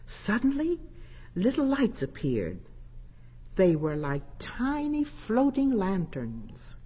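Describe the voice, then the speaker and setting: A woman narrating a children's story from a script in a slow, earnest, expressive way. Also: mid-range voice, breathy edge. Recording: dull 1960s LP with long reverb.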